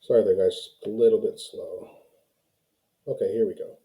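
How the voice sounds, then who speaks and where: Very dark-voiced man ranting to viewers. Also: on the low side, fairly even intonation, moderate pace, low-quality recording. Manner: heated, ranting, talks straight to viewers as "guys". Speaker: YouTube commentary host. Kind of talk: opinionated casual commentary to camera.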